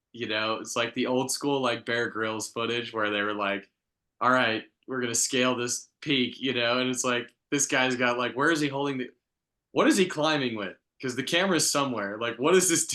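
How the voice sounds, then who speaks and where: A man's voice: medium pitch, bright, forceful tone. A man co-hosting a podcast, chatting casually in a rambling way full of fillers and chuckles. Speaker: podcast co-host. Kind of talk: casual review chat.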